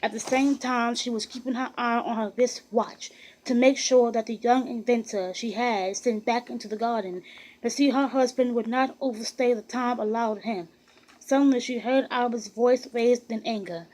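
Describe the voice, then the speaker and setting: A woman narrates a biography in a steady, even storytelling voice. Her pitch sits somewhat high, and she occasionally restarts a phrase. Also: normal speed, poor audio. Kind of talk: audiobook reading of a biography.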